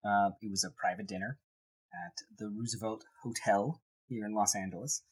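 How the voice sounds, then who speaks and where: A man's voice: fairly low pitch, normal speed, breathy edge. A man co-hosting a podcast in casual chat, playfully acting out quotes from history. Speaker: podcast co-host.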